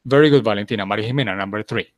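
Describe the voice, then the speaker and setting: A man's voice: fairly low pitch, racing, dry recording. A man teaching an English class, patiently repeating his instructions and checking in with his students.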